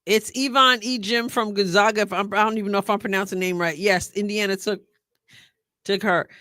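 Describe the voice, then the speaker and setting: A middle-aged woman hosts a live stream, her voice bright and forceful. She chats casually and excitably, thinking aloud and talking back to her viewers. The sound is dry and close, with no room around it. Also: medium pitch, a little fast, no room sound. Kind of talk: casual live commentary reacting to a sports draft.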